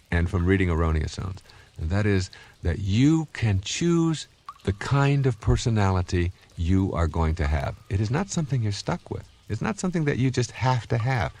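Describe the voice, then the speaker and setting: A man's voice: fairly low pitch, darkish tone. A man in his fifties giving a recorded self-help talk in an earnest, conversational, anecdotal way. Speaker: self-help author and speaker.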